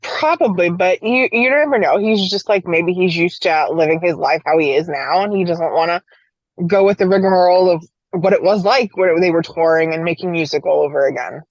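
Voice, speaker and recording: A woman's voice: fairly low pitch, brisk, no echo, highs cut off. A woman in her forties chatting as a podcast guest, enthusiastic and swearing casually. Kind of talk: casual chat.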